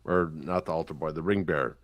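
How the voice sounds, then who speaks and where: A podcast host with an extremely deep voice talks fast, swapping childhood stories in a loose chat. He swears constantly and acts out the characters, a foul-mouthed, lively storyteller. The recording has no echo.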